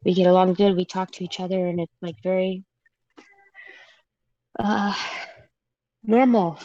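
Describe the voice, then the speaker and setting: A woman in her thirties calling in to a show, telling her story in a hesitant, halting way with many fillers. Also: lowish voice, steady tone, mellow, dry recording. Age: 30s. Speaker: caller. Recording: dull phone-line caller audio.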